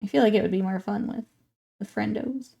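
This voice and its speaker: A woman's voice: medium pitch, brisk, vocal fry, mellow. A woman in her twenties chatting casually with stream viewers while working on a hobby project, laughing often and welcoming people in. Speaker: livestreamer.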